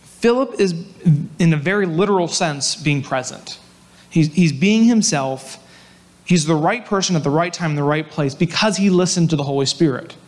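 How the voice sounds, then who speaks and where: A man preaching a sermon in a conversational, animated storytelling way, with asides to his listeners. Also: fairly high pitch, normal speed. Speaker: pastor.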